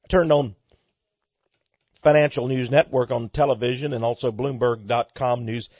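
A man giving emphatic, preaching-style commentary on the news, asking rhetorical questions and swinging between loud and soft. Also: medium pitch, fairly even intonation, moderate pace, breathy edge, no echo. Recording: dull lo-fi dry recording.

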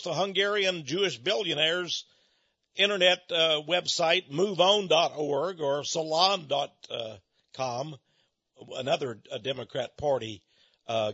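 A man's voice: high-pitched, fairly bright tone, dry recording. An older man, possibly from Texas, delivering a folksy, rambling monologue with chuckles and asides, turning preachy when he quotes scripture. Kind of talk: monologue commentary. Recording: muffled dry lo-fi recording.

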